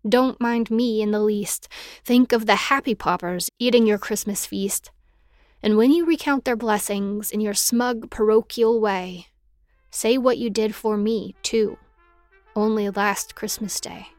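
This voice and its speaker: A woman's voice: on the high side, unhurried, darkish tone, dry recording, clean studio sound. Woman reciting a mournful poem. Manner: impassioned, mournful, bitter delivery. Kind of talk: dramatic poetry recitation.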